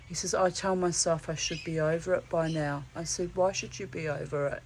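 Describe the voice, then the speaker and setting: A woman's voice: fairly low pitch, fairly even intonation, moderate pace, low-quality recording. Earthy woman telling a story. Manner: earthy, swears freely, calls people darling. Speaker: vlogger. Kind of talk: casual storytelling monologue. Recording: faint background noise.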